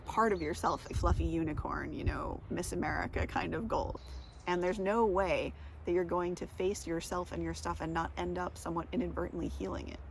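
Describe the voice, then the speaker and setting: A woman's voice: on the low side, creaky, noisy background. A woman vlogger chatting casually outdoors, rambling, giggling and tripping over her words. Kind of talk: rambling casual vlog talk.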